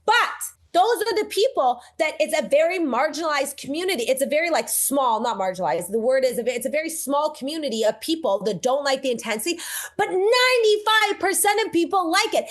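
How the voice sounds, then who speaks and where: Woman, podcast guest, high voice, intense, emphatic, punchy. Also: animated, fairly quick. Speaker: podcast guest, social media creator. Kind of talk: casual podcast conversation.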